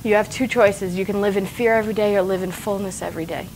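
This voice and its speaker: A woman's voice: medium pitch, steady tone, fast, a little mellow, slight background noise, rough recording. A woman in her forties, a talk show guest, speaking earnestly while tearful and emotional. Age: 40s. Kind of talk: casual interview.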